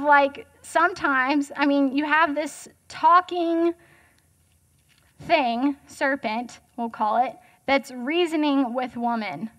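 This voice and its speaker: A woman's voice: sits high, a bit bright. A young woman giving a casual, chatty sermon as guest speaker, joking and asking the audience questions.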